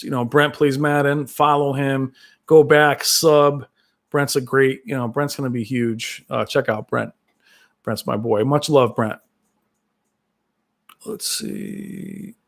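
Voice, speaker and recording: A man hosting a casual live stream from home, reading viewer comments aloud and talking in a rambling, excitable way. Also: medium pitch, vocal fry. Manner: rambling, excitable, with frequent fillers. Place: at home with his cat.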